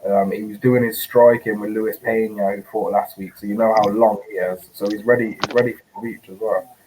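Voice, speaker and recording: A man's voice: lowish voice, little pitch movement, a little fast, background noise. A man commenting on a fight as a co-host of a live betting stream.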